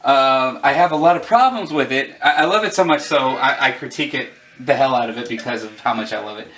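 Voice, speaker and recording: A man's voice: mid-range voice, fairly quick, a bit bright, far from the mic, rough recording. Enthusiastic, rambling middle-aged man. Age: 40s. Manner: enthusiastic, rambling, self-deprecating. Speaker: host showing his collection. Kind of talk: casual chat. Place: home room with arcade cabinets.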